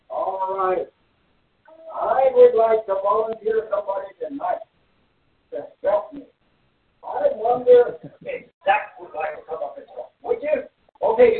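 A man preaching a lively children's story sermon, animated and full of wonder, stringing together thoughts with repeated "and"s. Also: extremely high pitch. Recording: distant echoey phone-like sound.

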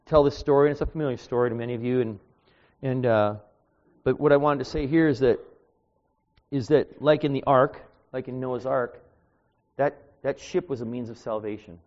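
A man delivering an informal sermon as a preacher, talking in a conversational, anecdotal way that grows louder when he gets animated. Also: medium pitch, moderate pace. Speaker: street preacher. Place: church. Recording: dull lo-fi sound.

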